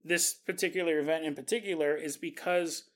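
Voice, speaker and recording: A man hosting a podcast, telling a story in a casual, animated way, laughing often and acting out quotes. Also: fairly high pitch, fairly quick. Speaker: podcast host.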